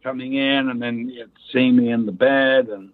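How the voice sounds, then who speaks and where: A man's voice: mid-range voice, steady tone, moderate pace, no echo. A man from England, an actor, telling anecdotes in an interview and imitating the people in his stories. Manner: storytelling, mimics voices in quotes. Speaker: actor guest. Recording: tinny phone-like line.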